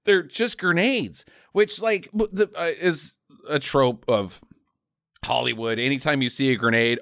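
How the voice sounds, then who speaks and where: A man co-hosting a casual podcast, animated and laughing, explaining things at length. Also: mid-range voice, a little slow, dry recording, studio quality. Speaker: podcast co-host. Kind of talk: casual movie-riffing chat.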